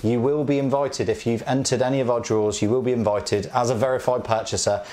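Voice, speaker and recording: Male co-host, medium-pitched, chatty and cheeky with a jokey edge. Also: steady tone, a little fast, darkish tone. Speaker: co-host of a live prize draw. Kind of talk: casual live-stream chat.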